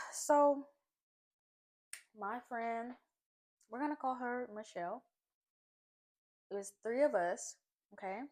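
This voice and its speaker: Woman, casual storytime, chatty, animated, lots of fillers, talking while eating. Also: on the high side, takes it slowly, long pauses. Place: at home, eating a seafood boil.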